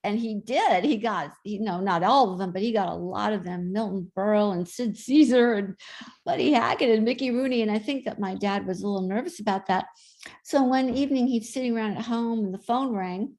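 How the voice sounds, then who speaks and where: A woman's voice: mid-range voice, a little fast, a little mellow. A woman guest in an interview, chatting and telling stories in an easy way. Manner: chatty anecdotal storyteller. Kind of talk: casual interview storytelling.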